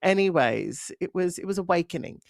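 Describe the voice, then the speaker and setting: A man with a gravelly, creaky voice co-hosting a podcast in casual chat. He tells self-mocking stories playfully. The sound is dry and close. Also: high-pitched, expressive, brisk, no room sound. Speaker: podcast co-host.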